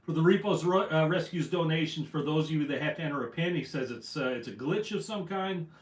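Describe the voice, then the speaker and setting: A man's voice: fairly high pitch, a little fast. Chatty man hosting a fishing livestream. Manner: chatty, rambling, self-deprecating. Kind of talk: casual livestream chat reading comments. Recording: echoey room, voice from afar.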